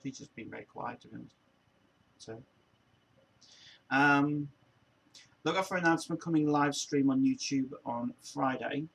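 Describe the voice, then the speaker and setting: A man's voice: mid-range voice, normal speed, creaky, pauses often, a bit bright, breathy edge, low-quality recording. A man hosting a casual live-stream chat, rambling and laughing at his own impressions.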